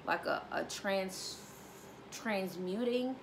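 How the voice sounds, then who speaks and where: A woman's voice: mid-range voice, slow pace, creaky, background noise. A woman giving a casual tarot reading, emphatic and sassy, repeating key phrases and calling the listener honey. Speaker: tarot reader.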